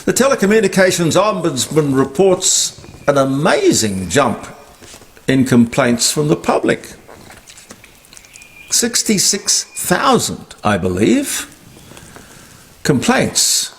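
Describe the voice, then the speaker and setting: A man's voice: on the high side, big pitch swings, slow, creaky, pauses often, slight background noise. An older man, delivering an emphatic, indignant political commentary monologue. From Australia. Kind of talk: opinionated monologue.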